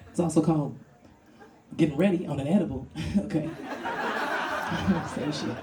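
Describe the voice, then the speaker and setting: A woman's voice: low voice, slow pace, pauses often, warm tone. A woman from Brooklyn doing a stand-up comedy set on a club stage, brash and profane, laughing through her punchlines. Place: comedy club with live audience.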